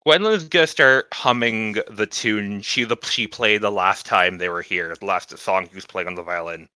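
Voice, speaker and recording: A man playing a tabletop game, speaking in a calm, earnest way for his character. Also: on the low side, moderate pace, smooth, no room sound. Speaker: player.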